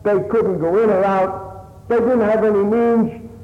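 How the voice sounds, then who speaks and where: A man preaching a sermon in an earnest, plain-spoken way, his voice rising for emphasis and dropping low to reflect. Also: fairly even intonation, measured pace. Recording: echoey hall on a tinny line.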